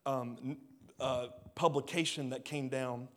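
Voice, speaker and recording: A pastor preaching a sermon, swinging between loud rising bursts and quiet low drops. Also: male voice, steady tone, measured pace. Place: church hall.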